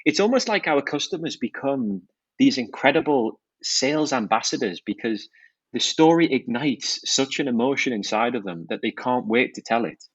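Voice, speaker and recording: A man's voice: mid-range voice, expressive, moderate pace, breathy edge, no room sound. Male guest, enthusiastic founder, dry and slightly dull recording. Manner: enthusiastic, fluent product talk with restarts. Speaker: watch brand founder, guest. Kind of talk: podcast interview.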